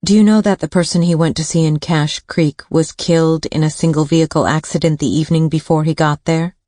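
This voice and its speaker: A woman's voice: low voice, steady tone, fairly quick, warm tone, dry recording, studio quality, close to an everyday voice. A woman voicing a persistent adult daughter who asks direct, probing questions, in an audiobook.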